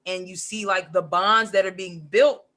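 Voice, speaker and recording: This podcast guest, a woman who writes comics and poetry, has a fairly low voice and a moderate pace. She chats animatedly, leans on "like" a lot, and performs the quotes she recounts.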